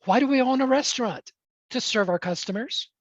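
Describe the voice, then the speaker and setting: A woman's voice: fairly high pitch, a little fast, no room sound. A woman giving a motivational talk on public speaking as a coach, emphatic and full of rhetorical questions. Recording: dry, dull lo-fi sound.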